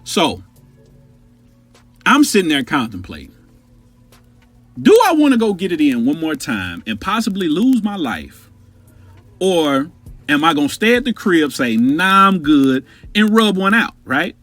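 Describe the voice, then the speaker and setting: A man's voice: on the high side, wildly swooping pitch, a little slow, pauses often, a bit bright, no room sound, soft background music. A man hosting a storytelling podcast, telling an anecdote in a profane, conversational way. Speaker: podcast host.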